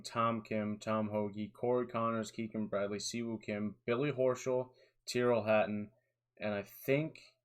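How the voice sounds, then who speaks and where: A young man in his twenties giving rambling, tired solo commentary on fantasy golf picks, with lots of fillers and restarts. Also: on the low side.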